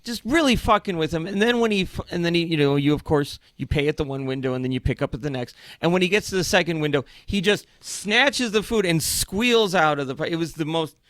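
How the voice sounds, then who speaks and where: A man's voice: fairly high pitch, lively intonation, a little fast, hardly any pauses, a bit bright, no room sound. A man co-hosting a casual podcast, rambling through stories with lots of stammered restarts and swearing. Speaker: podcast co-host.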